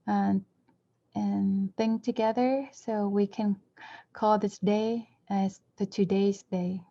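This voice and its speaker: Soft-toned woman interpreting a dharma talk. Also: medium pitch, fairly even intonation, vocal fry. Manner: measured, short phrases with occasional self-corrections. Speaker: interpreter for a Buddhist teacher. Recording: dull lo-fi recording.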